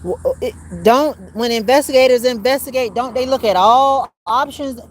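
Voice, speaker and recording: A woman with a slightly high voice talks straight to her viewers in a loose, rambling monologue. She is emphatic and swears freely. Faint noise sits behind her. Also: normal speed. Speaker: vlogger. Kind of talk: casual monologue to camera. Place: rented home.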